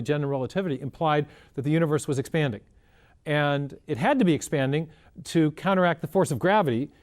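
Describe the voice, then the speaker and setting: A man's voice: on the high side, darkish tone. A man answering as an interview guest, explaining in an earnest, methodical way and often restarting his sentences. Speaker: guest scientist.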